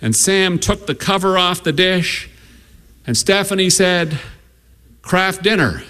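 A man reads a story aloud at a measured pace, gently humorous as he goes. His voice sits high for a man. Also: slight background noise.

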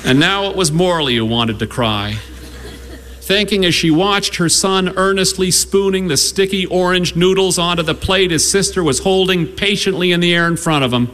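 A man reads a story aloud at a measured pace, gently humorous as he goes. His voice sits high for a man.

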